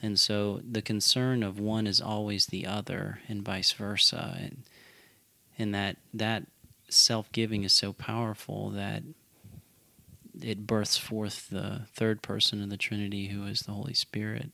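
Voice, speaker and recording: A man co-hosts a faith podcast and talks through theology slowly and evenly. His low voice has a gravelly edge, and the recording is dry and close. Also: little pitch movement, bright, forceful tone, no echo. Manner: measured, reflective theological explaining. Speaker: podcast co-host. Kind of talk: casual faith podcast chat.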